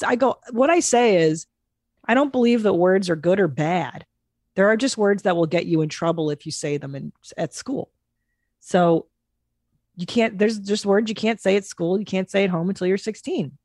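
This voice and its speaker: A middle-aged woman co-hosting a podcast, chatting casually with lots of swearing and animated storytelling. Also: medium pitch, no room sound, studio quality. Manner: profane, animated storytelling with mimicked voices. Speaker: podcast co-host.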